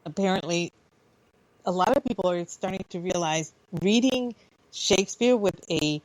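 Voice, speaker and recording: A woman's voice: on the low side, moderate pace, no echo, low-quality recording. A woman co-hosting a radio talk show, chatting casually with frequent restarts and easy laughter. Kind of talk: casual chat.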